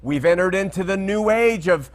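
A man with a somewhat high voice teaches through Bible verses in an unscripted way. He talks conversationally, wanders off into asides and checks in with his listeners to see if they follow. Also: moderate pace.

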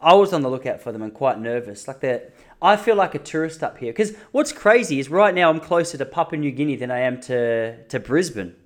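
A man's voice: mid-range voice, animated, a little fast. An Australian man talking casually in a vlog from an apartment lounge room, rambling and joking at his own expense. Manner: joking, rambling, self-mocking. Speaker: vlogger.

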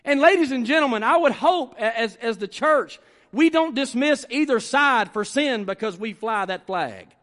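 A male pastor delivers a sermon in a strikingly high voice. He presses his points by repeating phrases and slowing down. A long reverb trails every line in a large church sanctuary. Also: animated, a bit bright. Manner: emphatic, repeats phrases and slows down to stress points.

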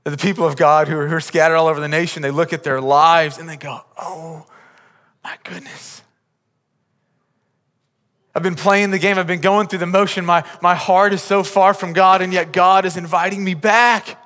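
A man's voice: high voice, fairly even intonation, a little fast, hardly any pauses, fairly bright tone. A man preaching a sermon as a pastor, earnest and pleading, often repeating words as he builds a point. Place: large church auditorium. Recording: long hall reverb from the sanctuary.

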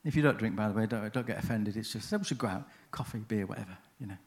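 Low-pitched and quick, this man delivers a chaplaincy seminar at a conference, telling a story in a chatty, anecdotal style and frequently interrupting himself.

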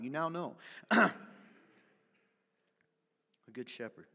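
A man preaching a sermon as pastor, fired up and yelling at times, then dropping to soft, confiding asides. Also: on the high side, normal speed, pauses often, husky, long reverb tail.

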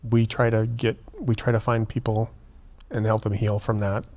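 A man's voice: fairly low pitch, normal speed. Guy telling a prison ministry story, earnest, acts out the quotes. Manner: earnest, animated retelling with quoted dialogue. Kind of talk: conversational storytelling.

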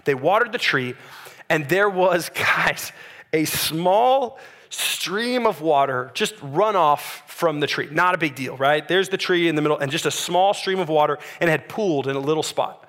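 Male preacher, high bright voice, chatty storytelling sermon. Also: moderate pace. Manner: conversational, animated storytelling with frequent "right?". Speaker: pastor.

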